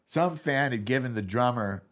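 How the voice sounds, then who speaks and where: A middle-aged man telling road stories in a casual interview, rambling and animated, with lots of filler and swearing. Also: medium pitch, normal speed. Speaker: guitar tech, guest telling stories.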